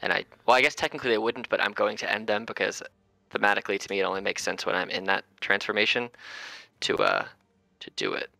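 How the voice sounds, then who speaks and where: Gravelly, bright-voiced man playing his character. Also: on the low side, animated, fast, no echo. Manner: casual, swearing, talks through his character's actions. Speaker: player. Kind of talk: in-character tabletop role-play.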